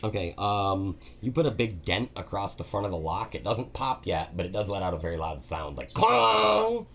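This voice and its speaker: A man narrating as game master in a relaxed, filler-heavy way. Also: sits low, brisk.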